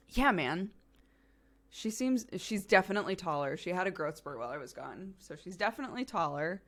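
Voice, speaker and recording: Slow, lively young woman chatting. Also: on the low side. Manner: relaxed, giggly, rambling with many fillers. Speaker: streamer. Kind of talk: casual chat with chat readers.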